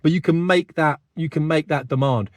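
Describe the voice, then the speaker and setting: A blunt online commentator, British and in his fifties, addresses the camera conversationally and keeps saying "mate". His slightly high voice moves at normal speed, captured in a clean studio with no echo.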